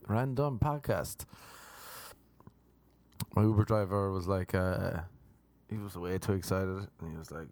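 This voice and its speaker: A man's voice: low-pitched, a little slow, long pauses, a little mellow, dry recording. A man hosting a solo podcast, rambling off the cuff in a crude, jokey way with playful put-on voices. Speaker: podcast host. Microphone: microphone into laptop.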